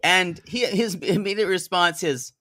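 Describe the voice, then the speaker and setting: A man's voice: high voice, a little slow, pushed and bright, no echo, studio quality. A man co-hosting a podcast, recapping an episode in casual, joking chat with frequent ums and laughs. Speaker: podcast co-host.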